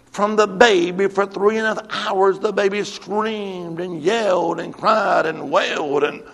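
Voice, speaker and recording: High gravelly preacher in a big hall. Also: male voice. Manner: swings from booming calls to hushed near-whispers; storytelling with repeated refrains. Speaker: pastor. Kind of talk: sermon. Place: church sanctuary.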